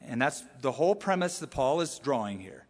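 A man's voice: mid-range voice, sing-song, fairly quick, slightly rough. A male pastor preaching a sermon in a conversational way, with frequent rhetorical questions to the congregation. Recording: echoey hall reverb.

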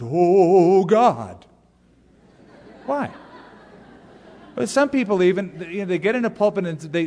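A man's voice: high-pitched, in a large hall. A male pastor preaching a sermon, telling stories and acting out exaggerated prayer voices to make his point. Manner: animated storytelling, mimics prayer voices.

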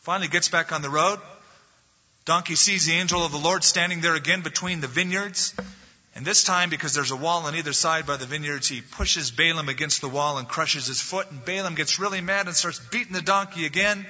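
A male pastor preaching a sermon, retelling a story with animated, emphatic delivery and a slightly husky voice. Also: a little high, a little fast. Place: church sanctuary. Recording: dull lo-fi recording in an echoey hall.

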